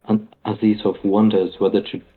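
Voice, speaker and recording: Flat-voiced player on a tinny line. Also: male voice, lowish voice, quick pace. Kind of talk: describing his character's actions.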